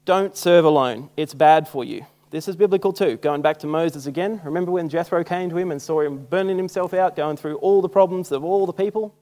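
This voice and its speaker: A man's voice: fairly high pitch, brisk, few pauses, warm tone. A young Australian man preaching a sermon in a casual, self-mocking storytelling way. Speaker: church speaker. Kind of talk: sermon with personal stories.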